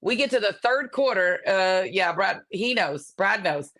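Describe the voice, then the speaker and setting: A woman co-hosting a sports podcast, telling a story in a sassy, animated way. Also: medium pitch, unhurried. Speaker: podcast co-host.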